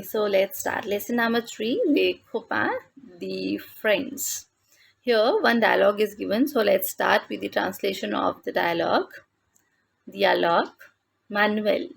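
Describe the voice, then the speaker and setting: A woman explains a beginners' French lesson in a voice-over, moving slowly and deliberately between French words and their English meaning. Her voice sits at a middle pitch with a gravelly, fry-edged texture. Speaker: French teacher.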